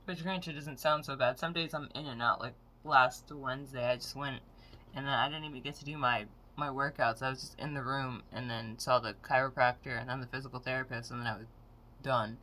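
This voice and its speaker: Bright-voiced, profane woman in her twenties. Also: extremely low pitch, steady tone, fairly quick. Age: 20s. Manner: frank, profane, exasperated storytelling. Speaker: vlogger. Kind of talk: casual rant to camera.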